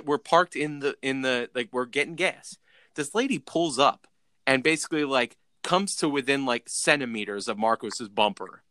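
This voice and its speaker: Bright-voiced young man telling a rambling story. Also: mid-range voice, no room sound. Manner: rambling, lots of "like" and restarts. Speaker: podcast co-host. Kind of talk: casual storytelling.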